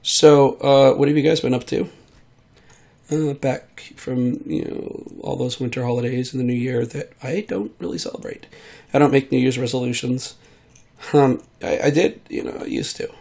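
A man rambles through a casual monologue while sick. His voice has a steady middle pitch and a gravelly, creaky texture. He wanders from thought to thought, trails off and fills gaps with ums. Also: normal speed. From United States. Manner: meandering, trailing off, many fillers. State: sick, voice hard to control. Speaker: vlogger.

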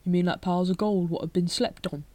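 A woman's voice: lowish voice, steady tone, fast, dark tone, no echo, natural voice. Ponderous bluff male sergeant, middle-aged, plodding delivery, voiced by a woman.

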